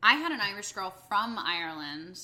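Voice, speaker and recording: An American woman co-hosting a casual chat, telling stories in an animated way with frequent laughter. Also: mid-range voice, moderate pace. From United States. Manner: animated storyteller, laughs often.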